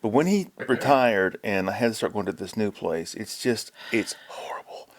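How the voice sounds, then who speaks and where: A man in casual conversation, telling wry stories in a rambling way with halting restarts. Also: on the low side, expressive, dry recording. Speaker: podcast co-host. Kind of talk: casual chat.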